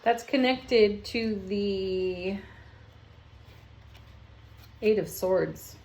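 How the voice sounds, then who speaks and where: A woman giving a casual spiritual tarot reading from home, gentle and soft-spoken, often laughing lightly. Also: medium pitch, extremely slow, rough recording. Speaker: tarot reader. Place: home, with landscaping crew outside.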